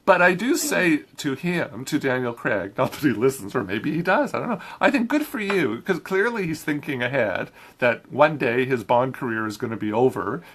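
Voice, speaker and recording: A man's voice: mid-range voice, expressive, moderate pace, few pauses, fairly bright tone, husky. A man reviewing a film in a casual chat, talking easily with frequent restarts and laughs. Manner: chatty, laughs often, many restarts.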